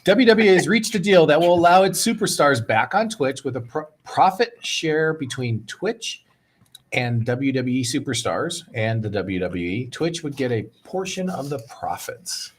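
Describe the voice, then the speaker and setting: A man's voice: mid-range voice, normal speed, a little hiss or hum. A male talk-show co-host who teases his colleagues and laughs a lot. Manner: teasing, laughs often, lively.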